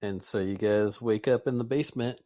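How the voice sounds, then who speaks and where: A man running a tabletop game as game master, narrating in a relaxed, halting way with fillers. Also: lowish voice, low-quality recording.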